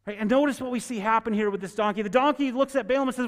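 A man's voice: very high voice, rapid-fire. A male pastor preaching a sermon and reading scripture, talking in a conversational way that keeps checking in with listeners. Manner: conversational, asks listeners "right?". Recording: long hall reverb.

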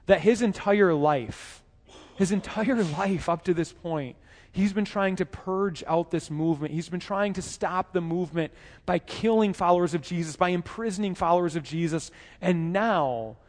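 Man, preacher, sermon, high voice, conversational, restarts and rhetorical questions, long hall reverb. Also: normal speed. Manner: conversational, repeats words and asks rhetorical questions.

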